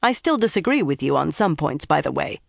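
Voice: medium pitch, very animated, brisk, gravelly, exaggerated voice. An audiobook narrator voicing a proud, confident woman with a steely tone.

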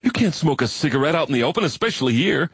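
Tired, fearful jobless man, husky, worried; a man voices him. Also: fairly low pitch, normal speed, no room sound, studio quality, lightly acted. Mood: agitated. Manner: worried, pleading. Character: weary, anxious out-of-work adult man.

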